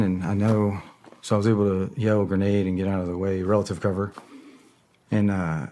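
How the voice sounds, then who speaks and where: A middle-aged American man in a casual interview, swearing often and filling his talk with "like," acting out the shouts he recounts. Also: deep voice. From United States. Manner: profane, heavy filler words, acts out yelled quotes. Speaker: podcast guest, former special operator.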